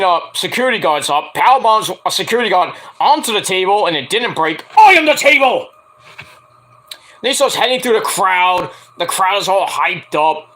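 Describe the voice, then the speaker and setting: A wrestling show reviewer speaks in a high, bright, forceful voice. His casual review wanders, full of swearing and filler words.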